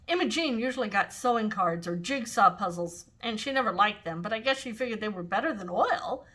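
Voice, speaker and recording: An older woman reading a children's novel aloud in an expressive, animated way. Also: medium pitch, a little fast, breathy edge. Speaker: storyteller.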